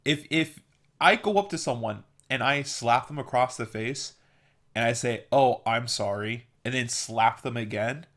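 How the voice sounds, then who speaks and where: A man's voice: medium pitch, moderate pace, a bit bright. A man giving an earnest, opinionated vlog monologue to camera in a casual manner. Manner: earnest and opinionated, with mocking put-on voices. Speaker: vlogger.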